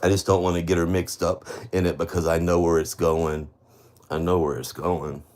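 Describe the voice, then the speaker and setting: This livestreamer's voice is low and darkish, delivered flatly at a moderate pace. Ranting to viewers, he bitterly accuses those he blames, saying the same charges over and over, swearing heavily, and rambling through many restarts.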